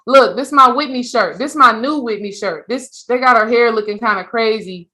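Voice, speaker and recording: Bright, animated woman telling a story. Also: a little high, moderate pace, few pauses. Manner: animated, repetitive, emphatic storytelling. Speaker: healing coach. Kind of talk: casual storytelling monologue.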